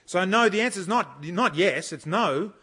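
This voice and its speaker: A man preaches an expository sermon, his voice sitting a little higher than most men's. He reads passages slowly and stops often to explain them. His delivery stays measured, with firm emphasis on key words. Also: expressive, pushed and bright, breathy edge. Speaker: conference speaker teaching the Bible.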